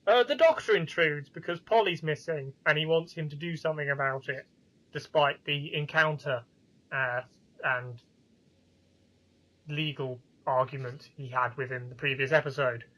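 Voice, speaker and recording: A man's voice: a little high, normal speed, fairly bright tone, muffled recording. A man co-hosting a review podcast, recapping the plot with enthusiasm in casual chat. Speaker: podcast co-host.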